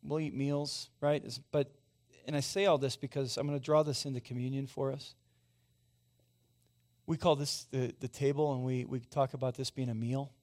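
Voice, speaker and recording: A man's voice: medium pitch, little pitch movement, moderate pace, a little mellow. A man in his forties preaching a sermon as pastor, conversational and often asking the congregation questions. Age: 40s. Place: church sanctuary.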